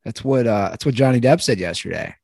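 A man's voice: medium pitch, lively intonation, brisk, creaky, darkish tone, husky, dry recording, clean studio sound. A man co-hosting a casual sports podcast, rambling and opinionated, often tripping over his words. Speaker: podcast co-host.

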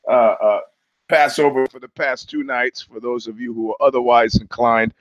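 A man's voice: medium pitch, fairly even intonation, normal speed, no echo. A man hosting a live-streamed solo monologue on a headset mic, rambling and wry, often poking fun at himself. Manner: rambling, wry, self-mocking. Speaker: show host. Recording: dull dry lo-fi stream audio.

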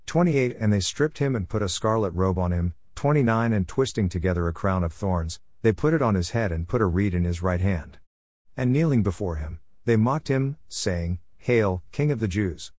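A man reading scripture aloud in a measured way, announcing each verse number as he goes. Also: fairly low pitch, lively intonation, darkish tone, dry recording, clean studio sound. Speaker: Bible reader.

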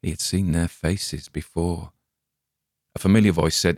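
Deep-voiced man narrating a dark tale. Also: steady tone, measured pace, no echo, studio quality. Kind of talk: scripted story narration.

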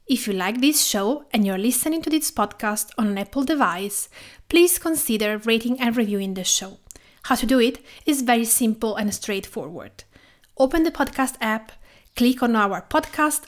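A woman from Tuscany with an Italian accent, hosting a podcast interview in a warm, gently enthusiastic way. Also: a little high. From Italy, Tuscany. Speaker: podcast host.

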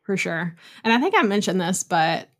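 A woman's voice: on the low side, big pitch swings, moderate pace, a bit bright. A young woman on a podcast, chatting casually and telling stories with lots of "like" and "you know". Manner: chatty, storytelling, many likes and you knows. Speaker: podcast guest. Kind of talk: casual chat.

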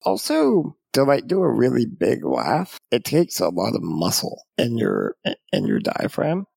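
A man as a podcast guest, talking in a serious, measured, quiet way. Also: medium pitch, gravelly, dry recording. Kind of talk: conversational interview.

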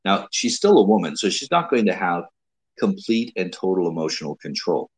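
A man hosting a casual advice talk, speaking in a measured way with frequent restarts and repeated words. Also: low voice, expressive, breathy edge, poor audio. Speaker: host giving dating advice.

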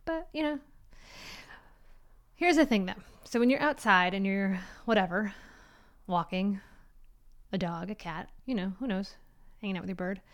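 Middle-aged woman, casual vlog monologue, rambling and chatty, the odd soft whisper. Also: mid-range voice, normal speed, long pauses. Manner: rambling, chatty, many fillers; drops to a soft whisper at times. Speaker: vlogger.

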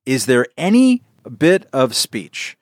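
A man co-hosting a podcast, sardonic, often trailing off quietly. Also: medium pitch, big pitch swings, takes it slowly, dry recording, studio quality. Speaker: podcast co-host. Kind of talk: casual chat.

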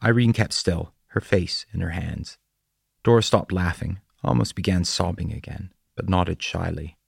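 A man narrating a serialized story in a measured, steady way. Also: low voice, gravelly, breathy edge, no echo, studio quality. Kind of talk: scripted narration.

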